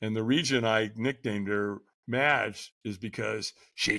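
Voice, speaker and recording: An older man, a podcast guest, telling his life story candidly in a conversational way and getting animated when he acts out others. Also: fairly low pitch, a little slow, vocal fry, few pauses, no echo, clean studio sound.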